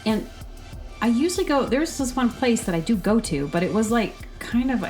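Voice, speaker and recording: A woman's voice: a little high, moderate pace, soft background music. A woman hosting a podcast, telling a rambling story full of fillers and acting out the people in it. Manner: chatty, filler-heavy with lots of "like"; animated, acts out quoted people. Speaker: podcast host.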